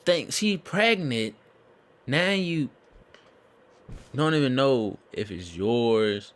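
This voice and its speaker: A man's voice: mid-range voice, very slow. A man hosting a reaction video, giving casual, slangy, incredulous comments. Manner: animated, slangy, incredulous asides.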